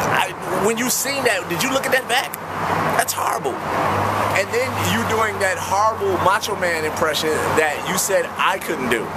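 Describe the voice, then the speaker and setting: Brief: man vlog host, blunt slangy jokes, loud traffic noise behind. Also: a little high. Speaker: vlog host answering viewer questions. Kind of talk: casual comedic monologue.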